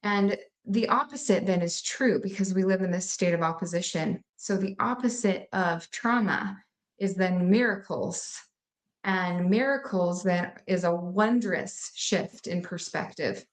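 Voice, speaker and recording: Thoughtful woman with a lowish voice. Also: unhurried. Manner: hesitant, full of fillers. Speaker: podcast co-host. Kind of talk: reflective spiritual talk.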